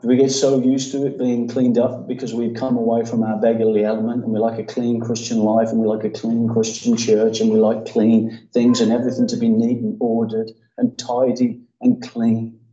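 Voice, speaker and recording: A man's voice: mid-range voice, completely flat delivery, moderate pace, hardly any pauses, warm tone. A man, preaching a sermon as pastor, acting out quoted voices with emphatic repetition. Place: church hall. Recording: roomy church sound from a distance, dull.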